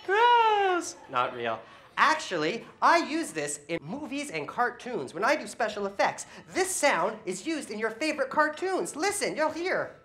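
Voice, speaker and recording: A woman's voice: fairly high pitch, big pitch swings, moderate pace, noisy background. A woman hosting a children's music show, joking goofily and leading the audience in call-and-response. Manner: goofy, exaggerated, leads audience call-and-response. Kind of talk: playful children's TV presenting.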